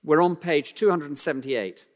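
Preaching at a moderate pace, this man pushes his pitch and intensity upward for the important points, then falls back to a low, quiet register. He slips in dry jokes at his own expense, and a long reverb tail trails his words.

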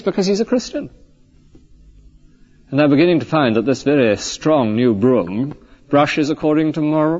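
A man's voice: fairly high pitch, darkish tone. Clergyman preaching on dull lo-fi tape. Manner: earnest, conversational preaching with rhetorical questions. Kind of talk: sermon.

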